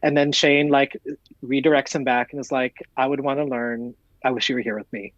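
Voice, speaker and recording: A man's voice: medium pitch, steady tone, a little fast, a bit bright, no room sound, dull audio. A man on a podcast panel in a casual chat, talking in a wry, joking way.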